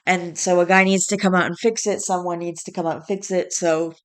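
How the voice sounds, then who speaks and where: A woman's voice: lowish voice, steady tone, a little fast, smooth. A woman vlogging in a casual chat, stressed and tired, fighting back yawns and restarting her sentences as she rambles.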